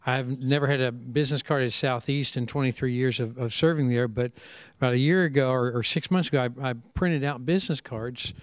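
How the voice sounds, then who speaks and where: A middle-aged man, a preacher speaking on a conference panel, telling stories in a lively way and acting out what other people say. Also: medium pitch, brisk, no room sound. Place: conference seminar session.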